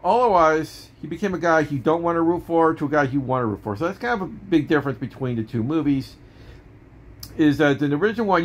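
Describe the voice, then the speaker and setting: A man's voice: a little high, highs cut off. A man reviewing movies in a casual, rambling way, often correcting himself and using many fillers.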